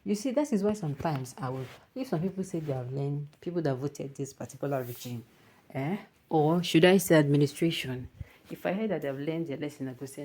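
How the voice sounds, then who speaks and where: Low-voiced Nigerian woman, emphatic commentary. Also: expressive, fairly quick, darkish tone, a little hiss or hum. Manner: emphatic, scolding, conversational. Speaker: news commentator. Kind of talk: opinionated news commentary.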